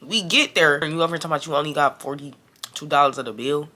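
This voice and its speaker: Bright, animated man telling a story. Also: racing. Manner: animated, profane, keeps addressing the audience as y'all; gets louder and higher when irritated. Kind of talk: casual storytime monologue.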